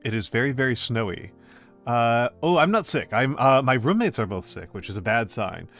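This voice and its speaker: A man streaming as a VTuber, chatting casually with his live viewers in a rambling, gently playful way, often repeating his own phrases. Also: mid-range voice, lively intonation, normal speed, faint music behind.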